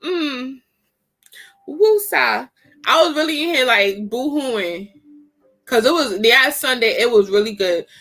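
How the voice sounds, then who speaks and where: A middle-aged woman hosting a casual livestream, talking in an animated, chatty, slangy way. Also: high-pitched, measured pace. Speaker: livestream host. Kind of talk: casual chat.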